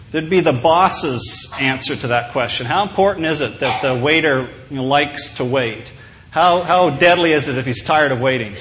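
A man's voice: on the high side, a bit bright. A male pastor giving a sermon in a conversational, humorous storytelling way.

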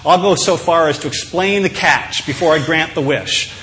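A man's voice: a little high, moderate pace, fairly bright tone, close to an everyday voice, poor audio. A man voicing a polite, bargaining male talking frog in a joke he tells from the pulpit. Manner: polite, bargaining, explains each catch.

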